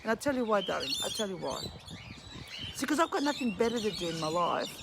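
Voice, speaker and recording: A woman's voice: medium pitch, very animated, quick pace, creaky, heavy background noise. An Australian woman ranting in a vlog monologue, fired up and swearing, at home among her pet birds. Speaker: vlogger and empathy counsellor. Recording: loud birdsong chirping behind. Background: chirping birds.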